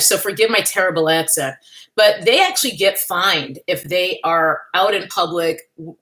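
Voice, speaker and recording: A woman's voice: on the low side, a bit bright. A young woman hosting a casual livestream from home, chatty and wry, laughing often and greeting viewers by name. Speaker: livestream host. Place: at home in California.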